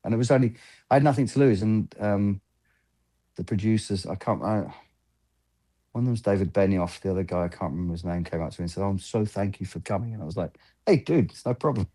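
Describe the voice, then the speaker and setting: A man in his fifties with a deep, dark, mellow voice tells casual, rambling stories from film sets. He keeps slipping into the voices of people he quotes, acting out the back-and-forth. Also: fast. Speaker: film lighting gaffer, guest. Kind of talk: casual interview storytelling.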